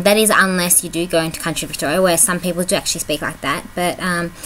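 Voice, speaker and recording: A woman's voice: on the low side, a bit bright, slight background noise, poor audio. A young Australian woman with an Australian accent, talking casually to her camera and answering common questions with dry, teasing humor and frequent "um"s. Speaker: vlogger. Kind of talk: casual vlog talk to camera.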